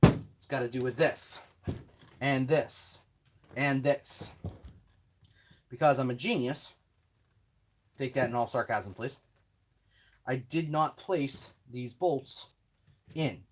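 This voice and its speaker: Working slowly with long pauses, an RC hobby host walks through a hands-on build at his home workbench. His mid-range voice stays casual as he talks himself through the steps, tossing in self-deprecating remarks. Slight hiss or hum sits in the background.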